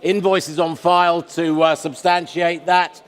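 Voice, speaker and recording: A man presenting cars at an auction, describing each lot in a relaxed, chatty way and joking with the auctioneer. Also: a little high, measured pace. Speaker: car specialist presenting lots. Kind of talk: live auction lot commentary. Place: large exhibition hall auction room. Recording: long hall reverb.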